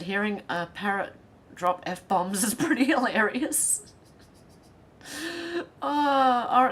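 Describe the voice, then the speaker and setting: This middle-aged Australian woman hosts a casual livestream, reading viewer comments aloud and adding giggly, chatty asides. Her voice is medium-pitched with a fairly bright tone.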